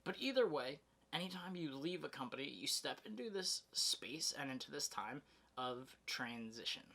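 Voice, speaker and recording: A man's voice: mid-range voice, very animated, moderate pace, gravelly, sharp tone. A young man telling a casual storytime vlog, candid and chatty, with fillers and self-corrections. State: out of breath. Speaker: vlogger. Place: home, then in his car.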